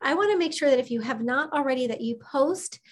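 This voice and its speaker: Woman host, high bright pitch, gushing, effusive, middle-aged, live video call. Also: expressive, fairly quick. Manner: effusive and gushing, sends kisses. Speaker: host of a health program. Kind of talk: live session reading out participants' comments.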